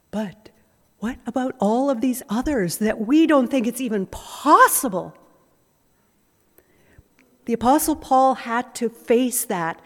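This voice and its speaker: A woman preaches a sermon in a church at a slow, deliberate pace, pausing often and repeating her key words. Her voice sits fairly high, and the long reverb of a large hall lingers behind each phrase. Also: darkish tone. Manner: measured, with frequent pauses and repetition. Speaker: pastor.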